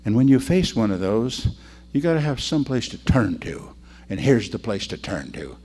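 An older man preaching a sermon, telling stories and calling on the congregation to answer and repeat after him, moving between loud preaching and low asides. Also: lively intonation, normal speed. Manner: storytelling with call-and-response to the congregation.

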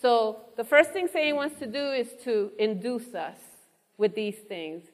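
A woman's voice: fairly high pitch, measured pace. A woman preaching an interactive sermon, asking her listeners questions and repeating their answers back to them. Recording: long reverb of a large hall.

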